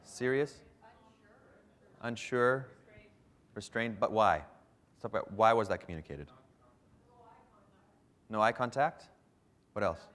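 This Canadian workshop leader takes it slowly and pauses often as he teaches public speaking to a live audience. His slightly low voice carries an animated coaching style, and he sometimes breaks off to demonstrate.

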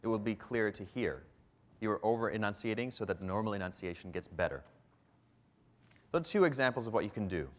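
A man with a slightly low voice leads a public speaking workshop in front of a live audience. He talks in an animated coaching manner and breaks off now and then to demonstrate. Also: fast, pauses often. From Canada.

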